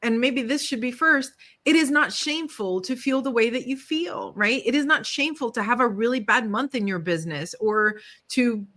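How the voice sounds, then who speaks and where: A woman's voice: a little high, normal speed, hardly any pauses, fairly bright tone. A middle-aged woman co-hosting a casual talk show, speaking candidly and animatedly, swearing freely and laughing often. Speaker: podcast co-host, studio owner. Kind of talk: casual conversation.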